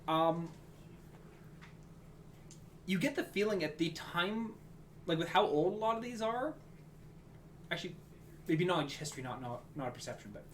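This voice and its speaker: A man's voice: high-pitched, animated, normal speed, pauses often, fairly bright tone, a little hiss or hum. A man narrating as game master in a casual, rambling way.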